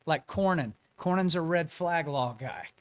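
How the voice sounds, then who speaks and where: A man's voice: a little high, unhurried. A man telling a story as a guest in a casual interview, acting out the quotes of the people in it. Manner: animated storyteller, acts out quotes.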